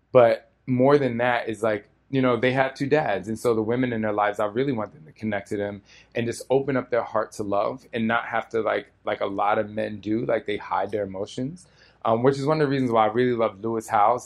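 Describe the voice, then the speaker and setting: A man speaking as a featured guest at a live audience Q&A, earnest and emotional, rambling as he goes. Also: lowish voice. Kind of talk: heartfelt live Q&A talk.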